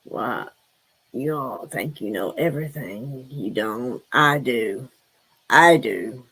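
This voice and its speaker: A gruff defiant lady. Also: lively intonation, slow, a bit bright, full character voice. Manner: low drawling, defiant boasts. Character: gruff indignant Southern woman, suspicious and defiant.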